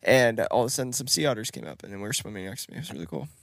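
A man's voice: medium pitch, animated, racing, creaky, fairly bright tone, no room sound, clean studio sound. A young man co-hosting a casual podcast, telling stories with jokes and swearing. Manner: joking, profane, laughs often. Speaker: podcast co-host.

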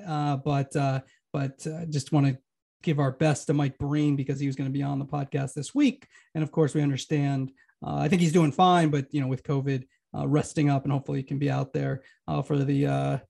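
A man co-hosting a sports media podcast, his fairly high voice carrying a gravelly fry. He talks fast and argues in a teasing way. He sounds casual and chatty throughout. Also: little pitch movement, dark tone. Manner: quick, teasing, argumentative.

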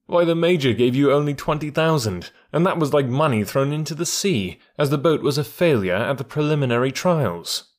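A man voicing a cool, commanding gentleman burglar in an audiobook, with a measured, sneering manner. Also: a little high, lively intonation, voice pushed up, lightly acted. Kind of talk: audiobook character reading.

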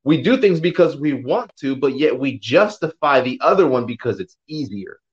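A man in casual conversation who retells a clip he watched in an animated way, acting out the people in it. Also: medium pitch, moderate pace, muffled recording. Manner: animated storyteller, retells scenes with quoted voices.

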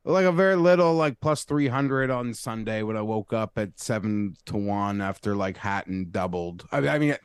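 A man's voice: on the low side, lively intonation, normal speed, few pauses, smooth, dry recording, clean studio sound. A man co-hosting a podcast in casual, rambling chat. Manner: rambling, full of "like" and restarts. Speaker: podcast co-host.

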